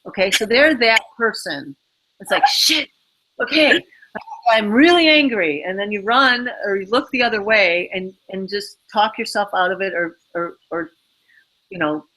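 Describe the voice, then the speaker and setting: A woman with a bright, clear voice talks through emotional advice as an interview guest. She rambles, leans on fillers and slips into acting out her own inner voice. Her pitch sits at an ordinary middle height. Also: lively intonation, moderate pace, poor audio. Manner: rambling, filler-heavy, acts out inner dialogue. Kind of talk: casual advice talk.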